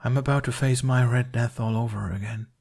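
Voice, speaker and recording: A man reading the lines of a guarded, troubled young man, speaking quietly, close to a whisper. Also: medium pitch, steady tone, a little fast, creaky, pitched above the performer's own voice. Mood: somber. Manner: hushed, near whisper.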